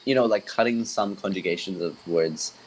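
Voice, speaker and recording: Deep-voiced man, mild Australian accent. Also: moderate pace, husky, rough recording. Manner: relaxed, rambling, many fillers and restarts. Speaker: band member co-hosting a podcast. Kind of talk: casual podcast chat.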